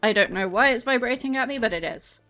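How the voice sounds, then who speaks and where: Walking on a treadmill at home, an English streamer rambles casually to her viewers. She talks fast in a fairly high, pushed, bright voice.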